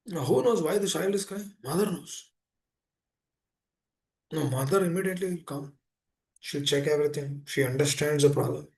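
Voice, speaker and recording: A man preaches earnestly, with a gravelly, fry-tinged voice sitting a bit high for a man. He often repeats himself and poses rhetorical questions to his listeners. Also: moderate pace, long pauses, darkish tone. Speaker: speaker giving a scripture class. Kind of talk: sermon.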